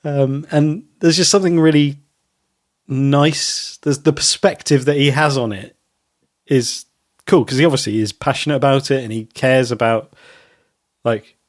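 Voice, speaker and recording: A man co-hosting a podcast in casual chat, rambling and pausing on many ums. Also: mid-range voice, steady tone, dry recording, studio quality. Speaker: podcast co-host.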